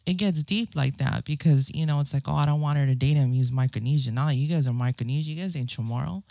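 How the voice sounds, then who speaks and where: A woman's voice: deep voice, darkish tone, no room sound. Earnest woman from Guam, dry sound. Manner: earnest, repeats "you know what I'm saying". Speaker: guest. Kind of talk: casual interview talk.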